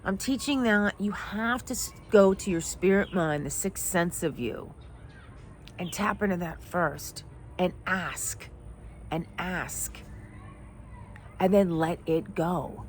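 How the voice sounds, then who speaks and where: A middle-aged woman with a somewhat low voice tells a personal story as a life coach. She talks in a heartfelt, emotional way. A faint noise sits behind her. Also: takes it slowly. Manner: emotional, heartfelt, teary at times.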